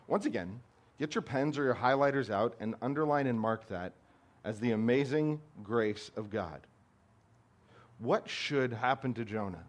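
A man preaching a sermon as a pastor, earnest and emphatic, posing rhetorical questions to his congregation. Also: medium pitch.

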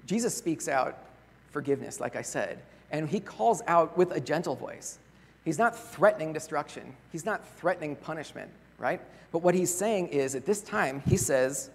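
A man preaching a sermon as a pastor, earnest and conversational, often pausing on rhetorical questions. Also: fairly high pitch, animated, vocal fry, husky. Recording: long reverb of a large hall.

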